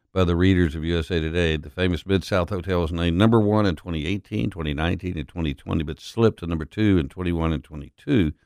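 A middle-aged man hosting a talk radio show, rambling and folksy with many filler pauses, on a studio broadcast mic. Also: low-pitched, smooth, no echo.

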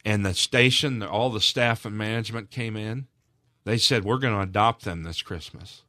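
A man's voice: lowish voice, moderate pace, sharp tone, no room sound. A man recounting a moving story in a radio studio interview, earnest and emotional, his voice rising at key moments. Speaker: charity representative.

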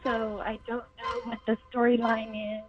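Female caller, hesitant, muffled line, music playing clearly underneath. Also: on the high side, flat delivery, moderate pace. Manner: hesitant, searching for words. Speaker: radio contest caller. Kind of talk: game show call-in. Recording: muffled lo-fi call with music behind.

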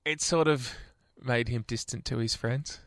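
In a dry, studio-quality recording from a radio studio, a man in his 20s co-hosts a radio show, rambling through memories in casual banter and often restarting. His mid-range voice is fairly bright, with fairly even intonation and an unhurried pace.

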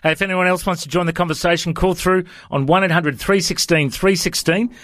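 An upbeat man hosts a call-in radio show and introduces callers briskly. His voice sits high for a man. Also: fairly even intonation, fairly bright tone. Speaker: radio host.

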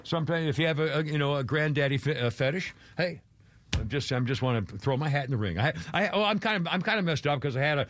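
A man's voice: on the high side, expressive, fast talker, a bit bright. An older man hosting a radio show, rambling through a self-deprecating chat with chuckling asides.

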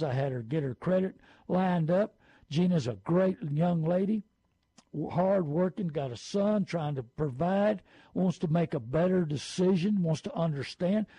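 A middle-aged man talks through folksy car-buying advice and slips into lively, put-on quotes. His voice sits fairly high, with a gravelly, husky edge. The sound is dry and close. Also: normal speed, dry recording, low-quality recording.

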